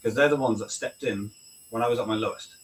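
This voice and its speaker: A man's voice: medium pitch, fast talker. A man, a British army veteran, talking candidly and bluntly in a casual chat, swearing freely and often asking "right?". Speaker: veteran guest. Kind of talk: casual video-call chat. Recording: distant mic with faint noise.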